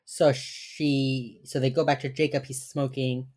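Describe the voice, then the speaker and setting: Very low-voiced young woman, casual. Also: flat delivery, measured pace, darkish tone. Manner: chatty, swears freely, acts out quotes. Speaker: podcast co-host. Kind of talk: casual recap chat.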